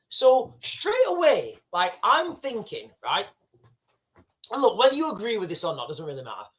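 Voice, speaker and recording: A man's voice: high voice, wildly swooping pitch, moderate pace. A middle-aged British man hosting a livestream, rambling and sidetracking as he talks to his chat. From United Kingdom. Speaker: livestream host. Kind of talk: casual livestream commentary.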